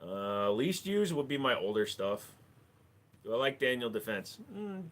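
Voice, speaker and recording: A man's voice: medium pitch, sing-song, a little slow, a bit bright. A man hosting a live stream, answering viewer questions with dry jokes. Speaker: livestream host. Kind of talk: casual live Q&A chat.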